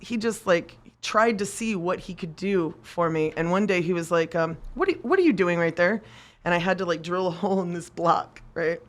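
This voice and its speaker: A woman guest on a podcast telling her story in a casual, animated way, acting out what people said, swearing and laughing often. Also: fairly low pitch. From United States.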